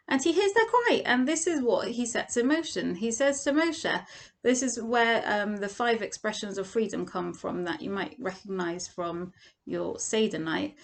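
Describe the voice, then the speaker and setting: Woman, Torah teacher, animated storytelling, acts out quotes. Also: a little high. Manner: vivid second-person storytelling with acted quotes.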